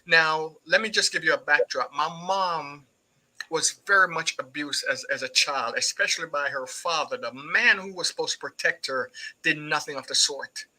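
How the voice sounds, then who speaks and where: Jamaican male guest, middle-aged, very bright tone, earnest testimony. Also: fairly high pitch, moderate pace, low-quality recording. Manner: earnest storytelling, acts out remembered speech. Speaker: guest, poet. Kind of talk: personal testimony in an interview.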